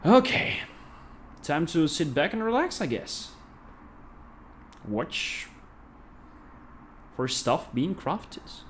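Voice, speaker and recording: A man with a Russian accent, a game developer thinking aloud with many pauses and fillers as he plays on a casual livestream. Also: a little high, big pitch swings, a little hiss or hum. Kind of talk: casual livestream gameplay commentary.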